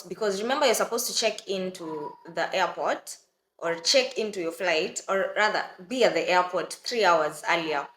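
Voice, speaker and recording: A woman's voice: fairly low pitch, a bit bright, slight background noise. Chatty young woman, roomy sound. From Kenya. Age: young adult. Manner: chatty, addresses viewers as guys. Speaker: vlogger. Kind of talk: storytelling to camera. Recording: roomy echo.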